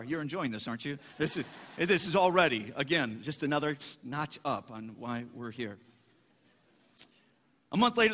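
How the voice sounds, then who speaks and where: In an echoey hall, a pastor preaches a sermon emphatically, posing questions and answering them himself. His voice is fairly high and fairly bright, with lively intonation and normal speed.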